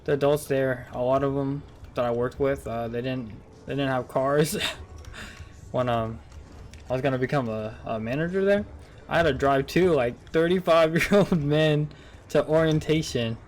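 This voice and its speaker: A man's voice: mid-range voice, moderate pace, a little hiss or hum. A young man telling a casual, rambling story straight to his viewers, full of swearing and incredulous outbursts. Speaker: vlogger.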